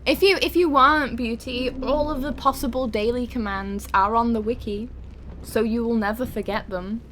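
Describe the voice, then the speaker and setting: A woman's voice: fairly high pitch, steady tone, moderate pace, fairly bright tone, a little hiss or hum. A young adult woman streaming a game, chatting casually with her viewers, laughing often and swearing freely. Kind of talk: casual live-stream chat.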